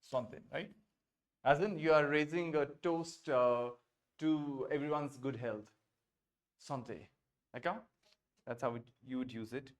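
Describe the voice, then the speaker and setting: Patient Indian-English teacher, slightly high voice. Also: male voice. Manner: patient, repeats phrases slowly, mixes French and English. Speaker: French teacher. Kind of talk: online beginner French class.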